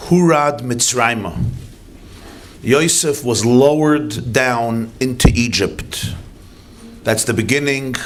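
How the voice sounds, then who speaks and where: A man's voice: medium pitch, fairly bright tone. A man giving a sermon as a rabbi, telling a joke and acting out its characters in a storytelling manner. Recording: echoey hall, speaker far from mic, noisy.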